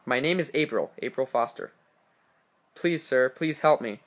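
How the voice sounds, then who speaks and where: A man reading the part of a frightened mother who calls the police while hiding in the dark. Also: medium pitch, moderate pace, close to an everyday voice. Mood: pleading. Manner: pleading, breathless phone caller.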